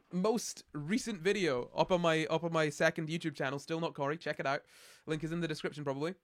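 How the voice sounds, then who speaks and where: Scottish guy rambling on stream, bit higher voice, sardonic, lots of ums and restarts. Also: fairly bright tone. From Scotland. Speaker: streamer answering chat. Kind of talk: casual live-stream chat.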